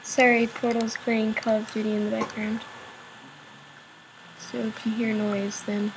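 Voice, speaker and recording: Young woman, slow rambling game commentary, higher voice, noisy home recording. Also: level tone. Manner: rambling, playful, muttering to herself. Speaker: gamer. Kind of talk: casual let's-play commentary. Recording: home recording with clear background noise.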